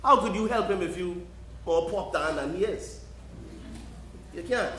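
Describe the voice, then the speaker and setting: An actor playing a vain old Bahamian prime minister. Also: male voice, sits high, lively intonation, measured pace, sharp tone, slight background noise, full character voice. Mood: lecturing. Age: 70s. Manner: boastful, folksy, trash-talking. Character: jaded vain seventy-year-old male prime minister. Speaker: stage actor. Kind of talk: live stage play. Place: theatre stage. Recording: echoey theatre sound.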